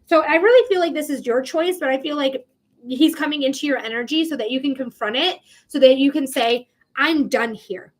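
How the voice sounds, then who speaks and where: A woman with a high voice runs a live tarot reading from a home stream. She talks in a chatty, emphatic way and swears now and then. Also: fairly quick. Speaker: psychic reader, livestream host.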